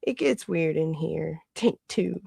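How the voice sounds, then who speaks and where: A woman's voice: deep voice, animated, takes it slowly, gravelly, dark tone, husky, no echo, studio quality. A woman hosting a casual livestream, chatting and laughing often as she greets viewers by name. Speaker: livestream host.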